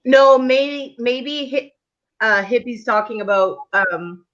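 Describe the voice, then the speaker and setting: A woman's voice: on the high side, slow pace, a bit bright. A woman hosting a livestream, chatting easily and laughing along with her guest. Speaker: channel host. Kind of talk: casual livestream chat. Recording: muffled lo-fi stream audio.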